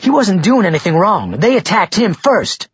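A man's voice: mid-range voice, animated, normal speed, husky, dry recording. A man voicing a fiery young female college student who protests sharply and urgently. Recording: dull dry muffled recording.

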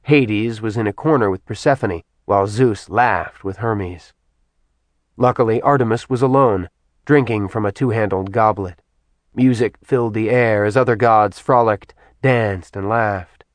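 A man reading a fantasy audiobook as narrator, in a steady storytelling manner. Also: fairly low pitch, unhurried, no room sound.

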